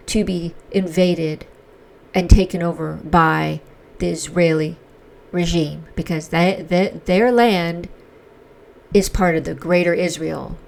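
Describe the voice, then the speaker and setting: A woman's voice: fairly low pitch, fairly even intonation, slow, vocal fry. A woman giving an emotional, indignant opinion monologue as the host of a commentary channel. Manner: impassioned, indignant, emphatic. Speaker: commentary vlogger.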